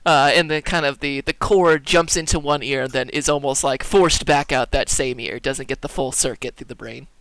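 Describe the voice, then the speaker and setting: A man's voice: medium pitch, normal speed, few pauses, clear, resonant tone. A man narrating and ruling as dungeon master in a tabletop game, talking loosely with many fillers. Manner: animated, with filler-laden narration.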